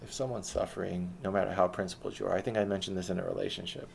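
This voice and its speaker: A man's voice: deep voice, flat delivery, very fast, vocal fry, slight background noise. A man telling a personal story in a blunt, rambling way, retelling conversations as he goes.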